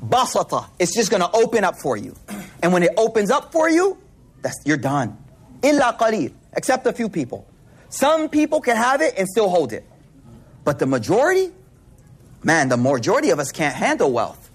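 A man from Buffalo giving a casual Islamic lesson, an animated storyteller mixing slang and Arabic terms. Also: high-pitched, normal speed, pauses often, slightly rough. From Buffalo, New York, US. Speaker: Islamic teacher.

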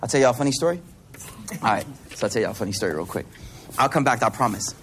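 A man from Buffalo giving a casual Islamic lesson, an animated storyteller mixing slang and Arabic terms. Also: medium pitch, fast talker, slight background noise. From Buffalo, New York, US. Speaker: Islamic teacher.

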